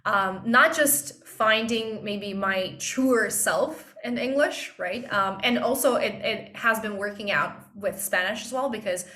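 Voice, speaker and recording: A woman's voice: medium pitch, measured pace, hardly any pauses, pushed and bright. A young woman, a native Russian speaker, talking as a guest accent coach in a casual interview, thoughtful and hesitant with many fillers.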